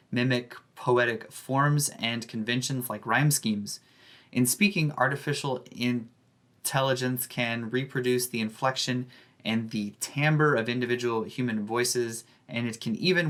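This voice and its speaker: Man, teacher, scripted presentation, measured and careful, mid-pitched voice. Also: fairly bright tone. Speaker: high school English teacher presenting.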